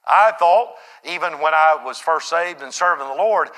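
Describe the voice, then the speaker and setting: A male pastor preaching a sermon, swinging from loud, high-pitched peaks to quiet, low, reflective passages. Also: moderate pace, hardly any pauses.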